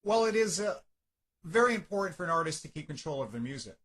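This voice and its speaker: A Canadian radio host asks his guest questions in polite, formal phrasing. His voice sits a little higher than most men's. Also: sing-song, fast talker, a bit bright. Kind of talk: radio interview.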